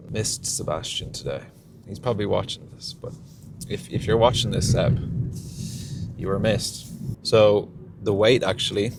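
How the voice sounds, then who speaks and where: Gravelly man rambling in a car. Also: low voice. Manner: thinking aloud, trailing off and restarting. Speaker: vlogger. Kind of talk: rambling casual monologue while driving. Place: inside a car while driving. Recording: car road noise.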